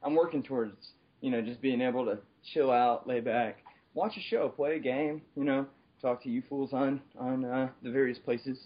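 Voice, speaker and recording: A man's voice: mid-range voice, moderate pace, slightly rough. A man chatting casually in a group podcast while working out on an elliptical, laughing often and restarting his sentences. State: exercising on an elliptical. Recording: dull lo-fi online call audio.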